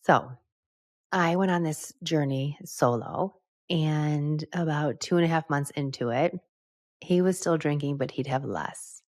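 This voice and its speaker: A middle-aged American woman with a low, deep voice tells her own story candidly, pausing to reflect. She is recorded close and dry, with no room sound. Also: darkish tone, dry recording. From United States. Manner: candid, reflective, laughs often. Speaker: podcast host. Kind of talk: personal storytelling.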